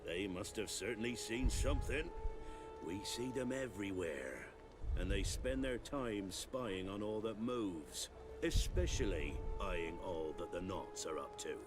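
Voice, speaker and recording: An actor playing a talkative male port worker in a game, lively and chatty. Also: lowish voice, measured pace. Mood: helpful. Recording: game audio with music behind.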